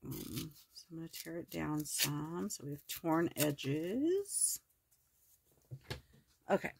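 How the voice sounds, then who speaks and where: A woman host walking through her collage journal in a casual, rambling way, hoarse with her voice cracking, full of ums and self-corrections. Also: low voice, sing-song, slow pace, slight background noise. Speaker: crafting video host. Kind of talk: casual crafting walkthrough.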